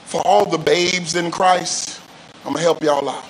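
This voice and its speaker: A male pastor preaching a sermon with call-and-response, often rising into shouts and sung phrases. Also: fairly high pitch, steady tone, unhurried, slight background noise, rough recording. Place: church service.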